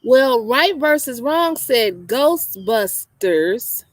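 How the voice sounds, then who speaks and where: High, sassy female co-host. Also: animated, extremely slow, no room sound. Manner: sassy, teasing, laughs often. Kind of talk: casual chat.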